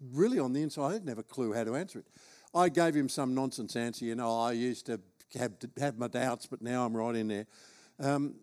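With an Australian accent and a voice on the high side, a little mellow, a man preaches a storytelling sermon. He tells a humorous, self-deprecating story from his own life.

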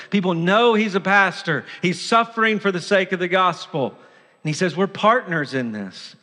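Pastor, male, fairly high voice, earnest sermon delivery, long hall reverb. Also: pushed and bright. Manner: earnest preaching, dramatizing the voice of sin. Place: church sanctuary.

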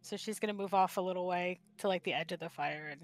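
A woman's voice: fairly low pitch, fast talker, soft background music, low-quality recording. A woman playing a tabletop game, chatty and prone to stumbling over her words. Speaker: player. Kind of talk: tabletop role-play chat.

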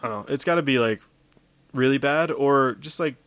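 Podcast co-host, man, mild Louisiana accent, rambling and casual, middle pitch, dry sound. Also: a little fast, dry recording. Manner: relaxed, rambling with many fillers. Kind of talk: casual chat.

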